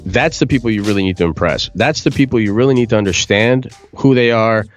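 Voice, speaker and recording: A man, a music producer guest on a podcast, explaining marketing in casual chat with a blunt, profane, animated manner. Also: lowish voice, fast talker.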